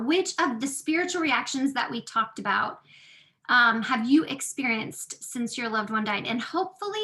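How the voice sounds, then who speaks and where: A woman's voice: high-pitched, pushed and bright. A woman presenting an online workshop, speaking earnestly and conversationally with frequent fillers into a computer microphone.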